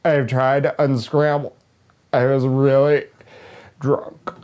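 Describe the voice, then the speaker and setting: A man hosting a comedy show, delivering a profane, conspiratorial monologue that swings from hushed near-whispers to loud manic shouting. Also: medium pitch, expressive, unhurried.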